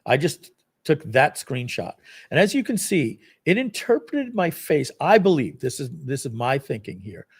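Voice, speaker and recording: A man hosting a live product launch stream, walking viewers through a software demo in a casual, rambling, self-deprecating way with lots of fillers. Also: medium pitch, very animated, moderate pace, husky.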